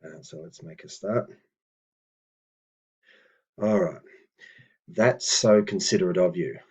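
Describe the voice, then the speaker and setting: A man teaching old phrases, reading each sentence and then sounding out its translation slowly and carefully, stopping to correct himself. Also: sits low, darkish tone, husky, muffled recording. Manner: slow, careful pronunciation of example phrases; self-correcting asides. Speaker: language teacher. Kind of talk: slow spoken language lesson.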